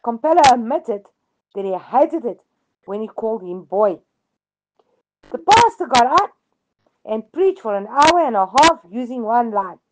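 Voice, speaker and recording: A woman's voice: on the high side, big pitch swings, unhurried, pauses often, slight background noise, poor audio. Earnest woman on devotional radio. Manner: earnest storytelling with emphatic repetition.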